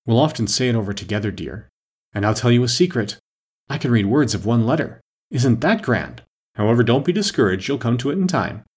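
A fretful, muddled storybook queen who dithers and rambles in a high, fluttering voice, as a man reading aloud puts her on. Her pitch wanders widely, with a slightly husky texture. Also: very animated, brisk, darkish tone. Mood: fussy.

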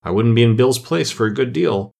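A man's voice: medium pitch, animated, brisk, gravelly, a little mellow. A man reading the lines of a curious young girl thinking aloud to herself in a storybook. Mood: musing.

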